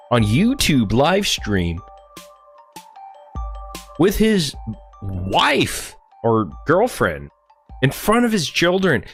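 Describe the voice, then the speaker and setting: A man's voice: mid-range voice, fairly bright tone. A man chatting crudely and tauntingly on a livestream. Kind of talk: casual livestream chat.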